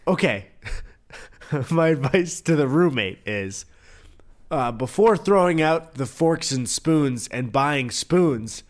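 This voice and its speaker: A man's voice: fairly high pitch, animated, slow. A man co-hosting a casual podcast, cracking dry jokes and laughing often. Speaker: podcast co-host.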